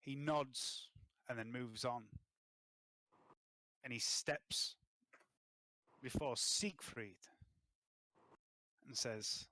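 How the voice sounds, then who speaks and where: A man narrating a tabletop game as game master, in slow, plain narration. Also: mid-range voice, pushed and bright, dry recording, rough recording.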